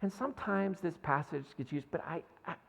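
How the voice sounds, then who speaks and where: A man's voice: a little high, normal speed, gravelly, fairly bright tone. A man preaching a conversational sermon in a church, often checking in with "right?" and "like.". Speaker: pastor. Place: church sanctuary. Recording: long hall reverb.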